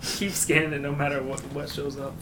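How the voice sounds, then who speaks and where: A man's voice: on the high side, flat delivery, fast talker, noisy background. A young man in casual chat with friends on a podcast, joking loosely, laughing often and swearing offhand. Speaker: podcast co-host.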